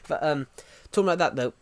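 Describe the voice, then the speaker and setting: A man's voice: a little high, a little fast. A young man from England with an English accent, rambling casually on a live stream, reading chat messages aloud and swearing casually. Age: young adult.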